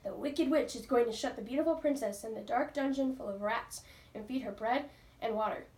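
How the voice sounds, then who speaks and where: A woman voicing a bossy, excited young girl in a storybook reading, with a shrill, eager delivery. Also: fairly quick, lightly acted. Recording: roomy, from far off.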